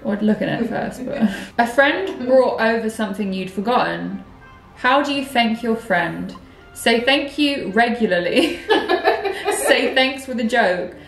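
A woman's voice: fairly high pitch, animated, a little slow, vocal fry, a bit bright. A young woman hosting a casual gameplay chat, giggling and reading game text aloud. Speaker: gaming channel host. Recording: roomy, with game music behind.

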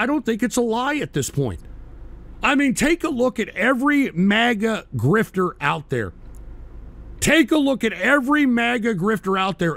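A man's voice: sits high, gravelly. A male show host ranting in anger at his chat, swearing and stumbling over restarts. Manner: heated, profane, stumbling restarts. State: agitated, shouting at times. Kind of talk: angry political rant reading chat.

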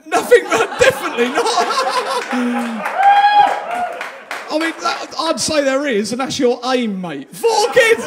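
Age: adult. Sex: man. Pitch: very high for a man. Style: crude, self-mocking stand-up. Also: very animated, slow, a loud crowd, very noisy. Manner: crude, self-deprecating banter. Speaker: stand-up comedian. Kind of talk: stand-up set with crowd work. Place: live comedy venue with audience.

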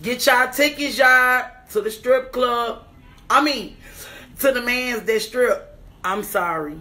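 A young adult woman comedian, loud and excitable, swearing freely and chanting words over and over as she unboxes a gift bag on a casual livestream. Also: fairly high pitch, slow. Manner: loud, excitable, profane, sing-song repeating. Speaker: comedian and businesswoman.

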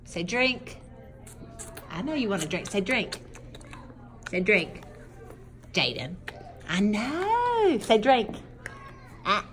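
A woman's voice: medium pitch, very animated, slow pace, long pauses, fairly bright tone, faint music behind. A woman coaching a young child to speak, coaxing and playful, making animal sounds along the way. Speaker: speech therapy helper with a child.

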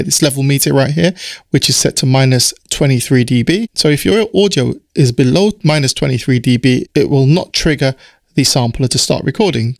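A man with a croaky, mid-range voice gives a screen-recorded music production software tutorial, relaxed, step by step, with fillers. The sound is dry and close, with no echo, from a studio mic through an audio interface.

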